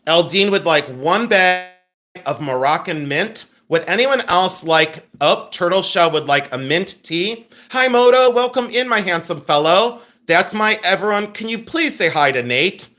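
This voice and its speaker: A middle-aged man hosting a live-stream sale, reading out viewer names and orders and making quick asides to his helpers. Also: high-pitched, expressive, pushed and bright. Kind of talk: live-stream selling chat.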